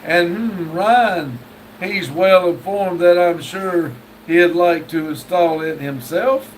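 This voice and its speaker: A man hosts a live stream, reading viewer messages aloud and answering them with wry jokes. His voice sits high and he takes it slowly. The mic is distant, with faint background noise.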